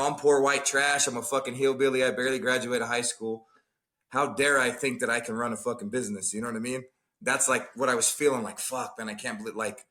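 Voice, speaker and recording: A man's voice: medium pitch, pushed and bright. A man from Arizona, a gym owner telling stories on a podcast in a blunt, profane, casual way. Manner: blunt, heavy swearing. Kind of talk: casual storytelling.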